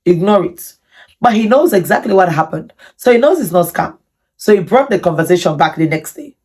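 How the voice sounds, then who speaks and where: Animated, low-voiced woman telling a story. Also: a little fast, slightly rough. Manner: animated, indignant retelling with many repetitions. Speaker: vlogger. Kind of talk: storytime vlog.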